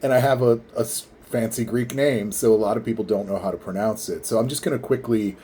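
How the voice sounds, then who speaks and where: A man casually explaining how to pronounce his name, leaning in to the microphone and enunciating slowly and carefully. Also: fairly low pitch, warm tone, a little hiss or hum. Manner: enunciates carefully, repeats words slowly syllable by syllable. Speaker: vlogger teaching name pronunciation. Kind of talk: casual explanatory talk to camera. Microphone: leans in toward microphone.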